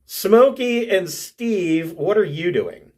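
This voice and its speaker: Male game master, animated slow narration, higher pitch. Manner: laughing, stumbling narration.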